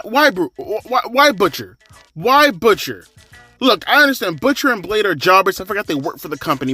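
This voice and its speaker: A man reviewing a wrestling show in a ranting commentary, profane and exasperated, dropping to weary mutters then jumping to loud yells. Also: on the high side.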